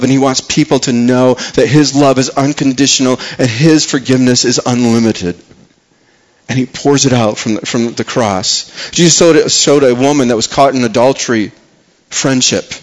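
A pastor delivers an earnest sermon, repeating words for emphasis and dropping his voice soft and low on key phrases.

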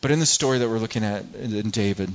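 A man's voice: on the low side, quick pace, highs cut off. A middle-aged man preaching a sermon in a conversational way, often repeating words and acting out everyday people. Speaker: pastor.

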